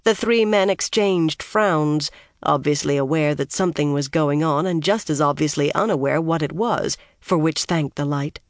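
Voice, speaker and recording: A steady, measured narrator reads a fantasy novel in a mid-range voice. The recording is dry and close, with no room around it. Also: medium pitch, no echo. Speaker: audiobook narrator.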